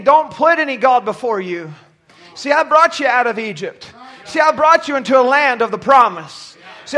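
A man preaching a sermon from a church pulpit, shouting at times and dropping low at others, often stumbling over his words. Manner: impassioned, swings from shouting to near-quiet.

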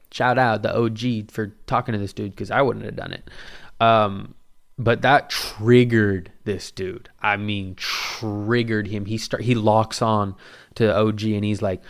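A man's voice: mid-range voice, moderate pace. A man casually telling a story at home into a mic, rambling and cursing freely as he acts out what people said. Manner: rambling and profane, acting out quotes.

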